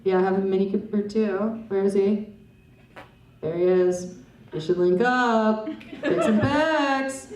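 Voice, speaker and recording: A young woman with a medium-pitched, darkish voice performs stand-up comedy on a club stage, rambling and poking fun at herself while chatting with the audience. The recording is roomy club sound taken from a distance, with a little hiss or hum.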